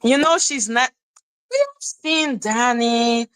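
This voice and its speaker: This commentary channel host delivers a profane, sarcastic, scornful livestream rant in a slow, somewhat high voice with lively intonation. Her tone is a bit bright and clean, though the recording itself is low quality.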